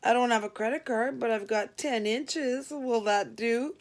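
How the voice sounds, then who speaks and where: A woman doing a slow, leering prank caller. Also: fairly high pitch. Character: crude anonymous male prank caller.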